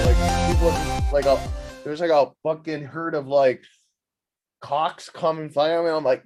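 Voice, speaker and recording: A man's voice: a little high, normal speed, soft background music. A young man hosting a podcast, telling a rambling comedic story full of swearing, self-mockery and constant "like" fillers. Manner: profane, animated, self-mocking, frequent "like" fillers. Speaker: podcast host.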